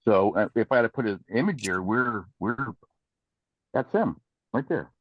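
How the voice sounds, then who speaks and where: Deep-ish guy answering a question in class, kinda unsure, flat dull dry sound. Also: moderate pace, no echo. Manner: hesitant, searching for words. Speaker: class participant.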